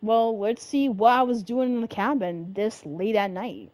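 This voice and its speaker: A woman's voice: fairly high pitch, unhurried, darkish tone, dry recording. A young woman commenting on a horror game, swearing a lot and talking to the game as she plays. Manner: swearing, jumpy, talks to the game. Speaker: gamer.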